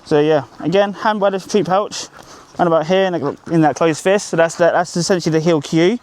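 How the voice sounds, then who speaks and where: A man's voice: fairly high pitch, fairly quick, a little mellow. A man working as a dog trainer, coaching an owner outdoors on a group walk. He is upbeat and encouraging, with sing-song praise for the dog.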